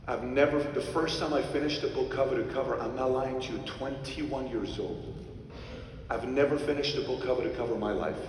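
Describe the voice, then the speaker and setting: Male storyteller, emphatic, loud bursts and quiet asides, heard from afar in a reverberant hall. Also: mid-range voice, a little fast, a little hiss or hum. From Iran. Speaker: speaker telling a personal story. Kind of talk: animated storytelling to a live audience. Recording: echoey hall from far off.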